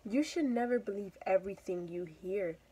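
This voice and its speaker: A woman's voice: medium pitch, lively intonation, normal speed, mellow, husky, low-quality recording. A woman voicing a sly tomcat who teases the mouse he means to eat, in a storybook read-aloud. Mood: teasing. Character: sly tomcat toying with prey.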